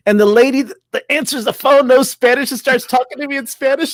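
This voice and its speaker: A woman co-hosting a casual chat show, telling an anecdote with animated delivery and frequent laughter. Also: fairly high pitch, moderate pace, dry recording. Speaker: co-host.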